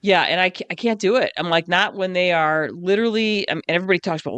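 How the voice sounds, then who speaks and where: Bright, crisp-voiced woman podcast host. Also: on the low side, fast talker, hardly any pauses, dry recording. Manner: animated, swears when riled up. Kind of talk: casual chat.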